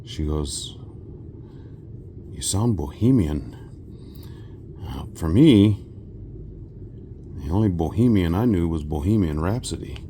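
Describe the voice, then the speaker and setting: A man from South Texas chatting casually while he works, a rambling storyteller who often clears his throat. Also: low voice, expressive, unhurried, pauses often, dark tone, slight background noise. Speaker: resin crafting vlogger.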